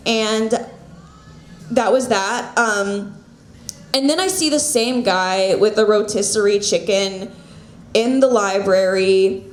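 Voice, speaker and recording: A woman's voice: fairly high pitch, unhurried. A young woman doing an open-mic stand-up set in a small bar, awkward and self-deprecating with hesitant fillers, on a handheld mic. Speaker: stand-up comic. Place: small comedy bar stage. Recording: echoey bar room.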